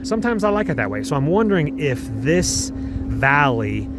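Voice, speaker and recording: A man's voice: a little high, big pitch swings, moderate pace, heavy background noise. An American man talking casually as a travel vlogger, rambling and correcting himself with upbeat slang while skiing outdoors. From United States. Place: outdoors on a ski slope.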